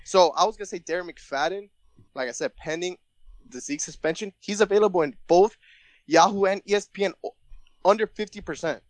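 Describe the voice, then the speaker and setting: A man's voice: sits high, a little fast, dry recording. A young man co-hosting a podcast, chatting casually and jokingly, often repeating his words. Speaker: podcast co-host. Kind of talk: casual sports chat.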